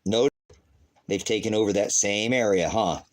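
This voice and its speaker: A man's voice: fairly low pitch, moderate pace, low-quality recording. A middle-aged man preaching in casual livestream commentary, rambling, firing off rhetorical questions and breaking into profane outbursts. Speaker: online preacher.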